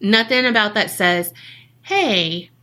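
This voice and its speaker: A woman's voice: fairly high pitch, lively intonation, unhurried, bright, forceful tone. A woman, co-hosting a podcast and telling a story in a casual, jokey way that is full of swearing. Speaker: podcast co-host.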